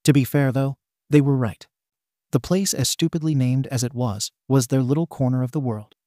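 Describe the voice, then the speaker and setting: A man reads a story aloud in a steady, even narration at a middle pitch. The sound is close and completely dry. His delivery is plain and unhurried. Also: no echo. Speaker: fan fiction reader.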